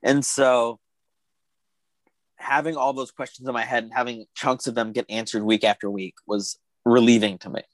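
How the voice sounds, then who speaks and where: A man in casual conversation, talking in long animated runs and acting out quoted thoughts. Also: medium pitch, moderate pace, no room sound. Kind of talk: casual chat about TV shows.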